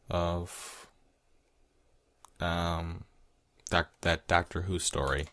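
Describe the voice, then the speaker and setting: Deep-voiced man reading a story aloud. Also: flat delivery, normal speed, vocal fry, dry recording. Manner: casual, chuckling asides. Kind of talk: reading fan fiction aloud.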